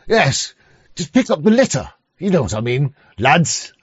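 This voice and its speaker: A man's voice: fairly high pitch, big pitch swings, unhurried, slightly rough, no room sound, dull audio. A man streaming, commenting sarcastically on clips with crude jokes and lots of stammered restarts. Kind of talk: casual mocking commentary.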